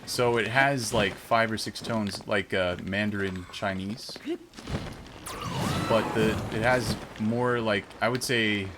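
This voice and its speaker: Low-voiced man rambling on a game stream. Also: steady tone, slow pace, very noisy. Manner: rambling, musing aloud with fillers and self-corrections. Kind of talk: casual live-stream chat while gaming.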